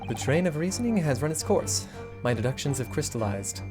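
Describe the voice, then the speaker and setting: A woman's voice: deep voice, very animated, fairly quick, over music. A woman voicing a grandiose, theatrical male detective from a game, reading his lines aloud. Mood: pompous. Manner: grandiose, declaiming.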